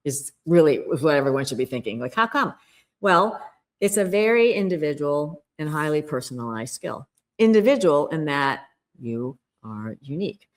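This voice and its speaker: A woman's voice: low voice, very animated, normal speed. A middle-aged woman guest on a podcast interview, explaining a communication skill in an earnest, emphatic way and acting out quoted inner voices.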